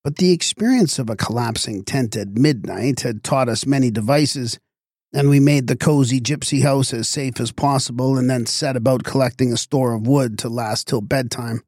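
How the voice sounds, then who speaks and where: A man narrating a literary story in a measured, expressive storytelling manner. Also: mid-range voice, dry recording, studio quality.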